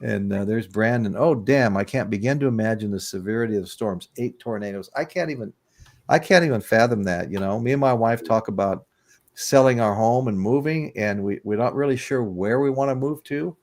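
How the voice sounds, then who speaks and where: A man's voice: lowish voice, fairly quick, a little mellow. Rambling older man hosting a livestream. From United States. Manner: rambling storyteller, chuckling, greets chat viewers. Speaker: livestream podcast host. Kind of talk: casual livestream chat.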